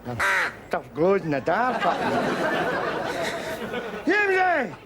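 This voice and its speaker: A ranting Scottish drunk. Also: male voice, high voice, big pitch swings, a little slow. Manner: ranting, combative, theatrical. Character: rowdy loudmouthed Glaswegian drunk man, middle-aged. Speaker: sitcom character. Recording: TV sitcom audio with crowd and noise.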